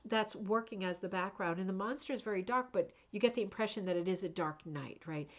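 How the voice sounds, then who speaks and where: Chatty, gushing woman livestream host. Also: medium pitch. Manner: chatty and gushing, with many fillers and asides. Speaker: host of a craft show livestream. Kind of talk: casual livestream chat.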